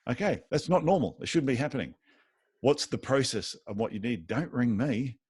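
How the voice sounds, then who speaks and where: A man's voice: medium pitch, expressive, normal speed, darkish tone, husky, dry recording, clean studio sound. A man who owns a podiatry clinic, telling anecdotes in a casual interview and acting out the dialogue of the people in them. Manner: tells anecdotes with lots of reported dialogue. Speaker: podiatry clinic owner as guest.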